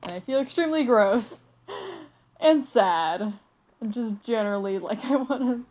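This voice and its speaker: A woman hosts a casual read-aloud of a comic and reacts as she goes. Her delivery is halting and rambling, with frequent swearing and stumbles over words. She sounds drained and deflated throughout. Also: fairly high pitch, darkish tone. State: weary and deflated. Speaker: channel host reading a manga aloud.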